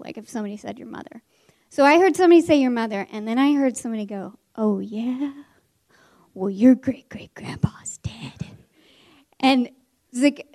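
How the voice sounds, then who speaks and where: A woman teacher telling a story from her classroom to an audience, animated and laughing, with many restarts. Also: high-pitched. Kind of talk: stage storytelling.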